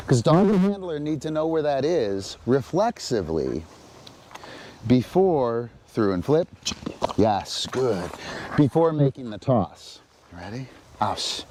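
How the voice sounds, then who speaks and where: A man demonstrating dog training on a live stream, explaining in halting, relaxed speech between short sharp cues to the dog. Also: medium pitch, noisy background.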